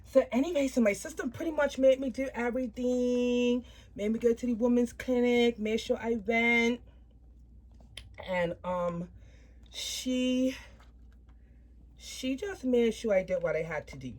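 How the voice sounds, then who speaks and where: A woman's voice: a little high, measured pace, long pauses. A woman casually telling her life story to camera, chatting with viewers and checking in with them often. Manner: animated retelling, voices shift up and down. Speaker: doll hobby vlogger.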